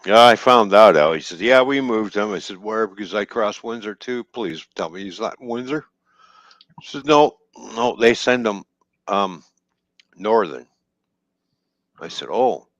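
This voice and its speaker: Male trucker, low voice with a wide swing, salty casual storyteller, dry lo-fi mic. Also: a little slow, long pauses, dry recording. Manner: profane, laughing, animated retelling with quoted dialogue. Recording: dull lo-fi dry stream audio.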